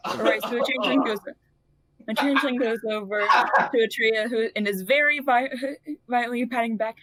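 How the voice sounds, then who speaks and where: A woman's voice: on the high side, normal speed, a bit bright, rough recording. A woman playing a tabletop game, talking playfully as she describes and speaks for her character. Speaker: player.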